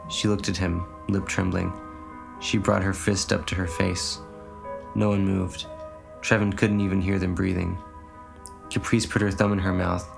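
A man narrating an audiobook story in a measured, even way. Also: low-pitched, vocal fry, soft background music. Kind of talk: audiobook reading.

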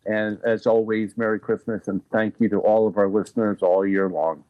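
A man's voice: fairly low pitch, level tone, normal speed, no echo, highs cut off. A man co-hosting a podcast, giving a brief, cheerful sign-off. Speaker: podcast co-host. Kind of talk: casual chat.

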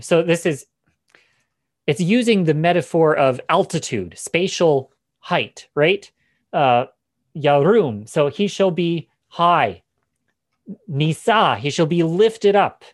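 A man's voice: fairly high pitch, lively intonation, slow pace, dry recording. Man teaching scripture, dry close sound. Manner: explanatory, frequent fillers and restarts. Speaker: Bible teacher.

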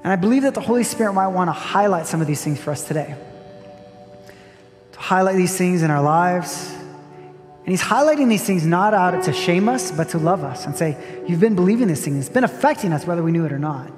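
A man delivers a reflective church sermon, speaking earnestly and returning to the same phrases. His voice sits a little high for a man. The sound rings with a long reverb, and faint music plays underneath. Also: lively intonation, fairly quick. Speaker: pastor. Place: church sanctuary. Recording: long hall reverb with soft music behind.

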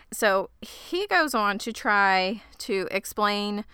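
A woman's voice: medium pitch, clear, resonant tone, dry recording, studio quality. A woman co-hosting a casual podcast, recapping a TV episode and acting out the characters' lines. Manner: animated, acts out characters' lines in quick voices.

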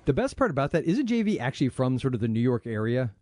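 A man's voice: medium pitch, sing-song, fast, mellow, a little hiss or hum. A man with a Southern US accent co-hosting a podcast in casual chat, joking, laughing often and rambling. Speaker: podcast co-host.

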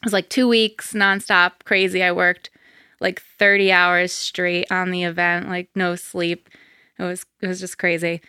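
Bright, crisp-voiced woman chatting. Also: fairly low pitch, level tone, measured pace, dry recording, clean studio sound. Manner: chatty, many fillers like um and like. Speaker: podcast guest, wedding planner. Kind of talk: casual interview.

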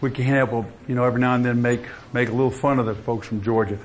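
A man's voice: medium pitch, fairly even intonation, fast, slight background noise. A middle-aged man with a Southern Louisiana accent, a conference speaker giving a folksy talk, telling stories in a drawling, easygoing way. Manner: folksy storyteller, drawling asides. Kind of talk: folksy talk with a joke opener.

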